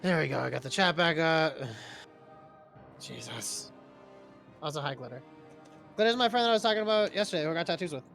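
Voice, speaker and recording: A man's voice: on the high side, expressive, a little fast, creaky, long pauses, fairly bright tone, soft background music. A man co-hosting a live stream, chatting casually and joking about his computer. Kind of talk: casual chat.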